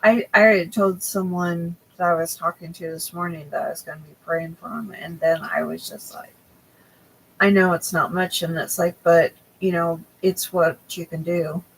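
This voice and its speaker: A woman's voice: lowish voice, fairly even intonation, normal speed, gravelly, few pauses, breathy edge, rough recording. A young woman hosting a crochet livestream, chatting casually with viewers and often losing her train of thought.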